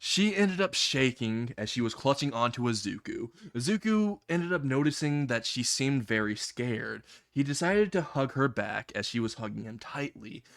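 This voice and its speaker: A man's voice: medium pitch, lively intonation, moderate pace, creaky, few pauses. A man casually narrating a comedic fan story, laughing often and swearing freely as he goes.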